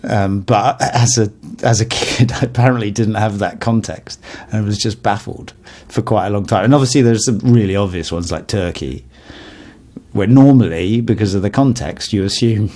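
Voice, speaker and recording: A man with a fairly low voice co-hosts a podcast. He tells stories in a relaxed, casual way and often chuckles as he talks. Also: normal speed. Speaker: podcast co-host. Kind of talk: casual chat.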